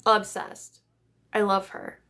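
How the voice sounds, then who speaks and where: A woman's voice: slow pace, pushed and bright. Young woman host, casual rambling livestream chat, swears a lot, talks into her phone. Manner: chatty, rambling, swears freely. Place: home, in bed.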